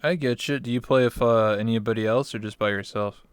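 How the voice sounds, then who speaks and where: A male talk show host chats casually on a live stream, joking and poking fun at himself. His voice sits at a middle pitch and has a smooth, resonant tone. It is recorded close and dry. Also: fairly quick, dry recording. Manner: joking and self-deprecating.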